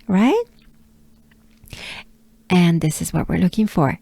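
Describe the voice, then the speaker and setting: A woman's voice: medium pitch, lively intonation, slow, gravelly, pauses often, a little mellow, dry recording. A woman from France with a French accent giving a patient pronunciation lesson, repeating sounds and coaching breathing, sometimes dropping to a whisper. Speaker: pronunciation teacher.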